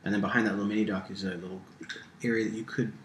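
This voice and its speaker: Low-voiced male game master, echoey room. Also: flat delivery, a bit bright. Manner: halting, full of ums and restarts. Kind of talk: narrating a tabletop game. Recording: echoey room with faint hiss.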